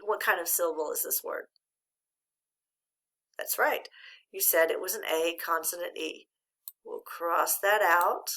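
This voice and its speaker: A woman's voice: lowish voice, gravelly, bright, forceful tone. A middle-aged woman teaching a patient, encouraging phonics lesson to a child. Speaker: reading teacher.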